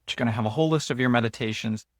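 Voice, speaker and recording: A man hosting his own channel, walking viewers through an app in a relaxed, chatty way, loose with fillers and restarts. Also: medium pitch, racing, no echo, clean studio sound. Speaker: host and app founder. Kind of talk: casual screen-share walkthrough.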